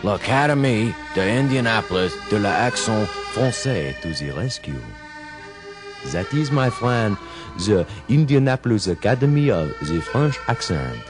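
An actor playing a male ad pitchman with a mock French accent in a parody radio commercial.

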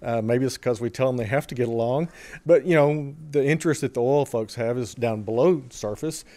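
A print shop owner, talking in a folksy, easygoing way. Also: male voice, mid-range voice, fairly quick, warm tone.

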